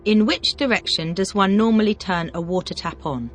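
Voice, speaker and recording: A teacher voice calling out single vocabulary words, then asking brisk drill questions in a scripted lesson. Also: mid-range voice, soft background music.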